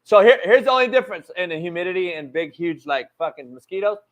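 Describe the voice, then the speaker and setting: High-voiced man hosting profane banter. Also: fast talker. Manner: animated, swearing, bursts into shouting. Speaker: talk show host.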